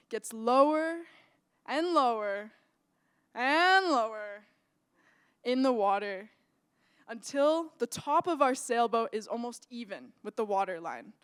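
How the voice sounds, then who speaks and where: Young woman, storytelling, smooth voice, dry sound, lively delivery. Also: a little high, dry recording. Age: young adult. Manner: lively, animated, builds suspense. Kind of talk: personal storytelling.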